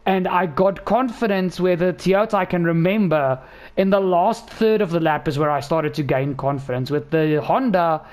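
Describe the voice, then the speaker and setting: A man who hosts a gaming channel reviews a car from a racing game in a casual, excitable, rambling way, correcting himself often. His voice sits high and his pace is moderate.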